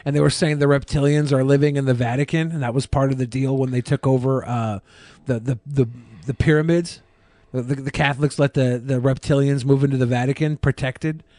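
A man's voice: mid-range voice, steady tone, brisk, warm tone, dry recording. A man co-hosting a casual podcast, cracking jokes and stumbling a little as he reads news stories aloud. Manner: jokey, stumbles over words while reading. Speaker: co-host.

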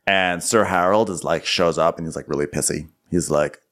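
A man's voice: normal speed, a bit bright. A man co-hosting a comedy podcast, recapping a TV episode and jumping into mocking character voices. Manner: playful, mimics characters in high voices. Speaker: podcast co-host.

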